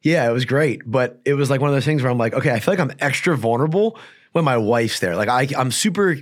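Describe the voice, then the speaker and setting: This guest fighter, heard on an audio-only podcast, has an expressive mid-range voice. He chats casually in the interview, telling fast, rambling stories full of fillers.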